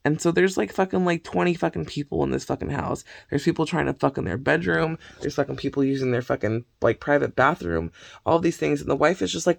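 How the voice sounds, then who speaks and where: A man's voice: a little high, a little fast, vocal fry, no room sound. A man vlogging in a casual rant, swearing heavily as he rambles through movie plots.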